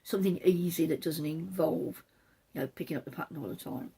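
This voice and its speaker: A woman's voice: low voice, fairly quick, dark tone, breathy edge. A woman hosting a knitting podcast from the back room of her home, chatting casually and wandering off topic now and then. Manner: rambling, self-deprecating, digresses. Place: back room at home, patio door open.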